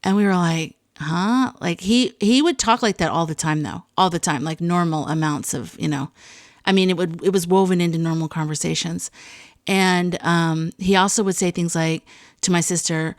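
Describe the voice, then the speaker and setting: Woman podcast host, lowish voice, dry close sound, chatty with fillers. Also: normal speed, no echo. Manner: conversational, lots of fillers and asides. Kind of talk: casual monologue, reading listener stories.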